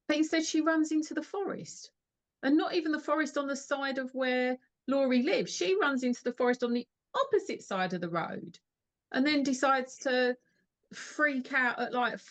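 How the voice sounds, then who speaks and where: A woman, a podcast guest, retelling film scenes in a long, rambling, animated way. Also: a little high. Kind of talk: casual podcast chat.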